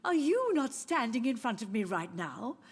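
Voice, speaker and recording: A woman's voice: a little high, very animated, normal speed, slightly rough. A frail, confused old mother. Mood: gently deluded. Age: older. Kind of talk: game dialogue.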